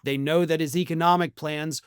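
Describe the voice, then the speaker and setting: Guy ranting about politics, pretty high voice, dry close sound, scornful and pushy. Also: fairly even intonation, a little fast, clean tone, dry recording. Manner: scornful, emphatic, with scattered restarts. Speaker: political commentary host. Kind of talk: political commentary monologue.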